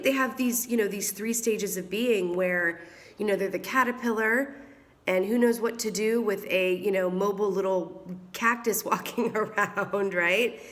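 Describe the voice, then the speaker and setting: A woman getting over a cold gives a casual tarot reading, her voice a little rough from it. She talks in a chatty, affectionate way, laughing often and calling her listeners darling and honey. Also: mid-range voice, fairly bright tone. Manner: whispers while drawing cards. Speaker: tarot reader.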